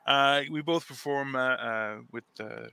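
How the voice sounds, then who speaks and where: A man hosting a casual podcast, talking in an animated, profane way and riffing into little voices. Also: mid-range voice, a little slow, vocal fry, smooth, dry recording. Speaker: podcast host.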